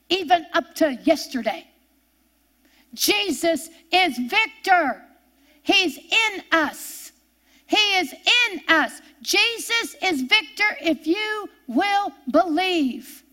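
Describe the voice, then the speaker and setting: A woman's voice: very high-pitched, expressive, slow pace, bright, forceful tone. An older woman preaching a fervent sermon, repeating her refrains and telling stories from her own life.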